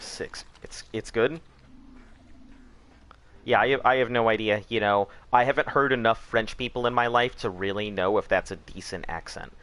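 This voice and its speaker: Low-voiced, laid-back gaming streamer. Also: male voice, a bit bright. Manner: laid-back, rambling, swears casually, answers chat. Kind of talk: casual game commentary.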